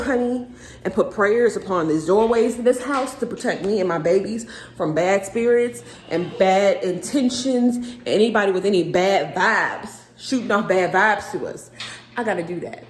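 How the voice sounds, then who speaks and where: A pregnant young woman, out of breath, chatting straight to her viewers in a casual clean-with-me vlog from her bathroom. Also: medium pitch. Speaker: vlogger. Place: bathroom at home. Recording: echoey home room with faint noise.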